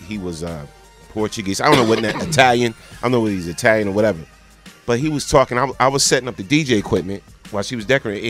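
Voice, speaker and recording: A man's voice: fairly low pitch, fairly bright tone. A man co-hosting a talk radio show, telling stories in a laid-back, conversational way. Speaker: co-host and DJ. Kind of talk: casual talk radio storytelling.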